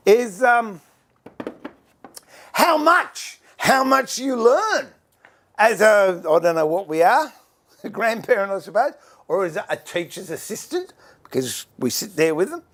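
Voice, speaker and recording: A man's voice: high voice, big pitch swings, slow pace, pauses often, fairly bright tone. An older Australian man hosting a casual livestream from his workshop, chatting, greeting viewers by name and fiddling with his gear as he talks. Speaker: livestream host and furniture maker.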